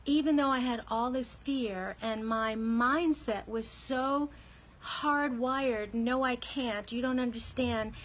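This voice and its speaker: A woman speaking candidly to camera, telling a personal story in a conversational, animated way. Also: on the high side, slow pace, poor audio. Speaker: vlogger.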